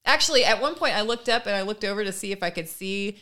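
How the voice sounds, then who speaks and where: A woman in her thirties co-hosts a casual podcast chat. She tells stories in an animated way and acts out the voices of the people she quotes. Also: mid-range voice, fast, a crowd in the background. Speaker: podcast co-host.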